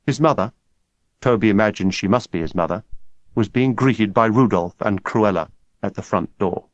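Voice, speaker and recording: Guy reading a novel aloud, lowish voice, steady pace, dull dry recording. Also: no room sound. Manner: measured, steady storytelling. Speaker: audiobook narrator. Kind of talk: scripted narration.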